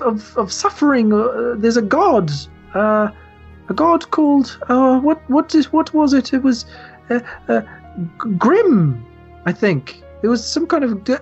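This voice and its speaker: Rambly woman running a tabletop game, keeps stammering, pitch all over the place. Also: a little mellow, slightly rough, lo-fi sound. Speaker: game master.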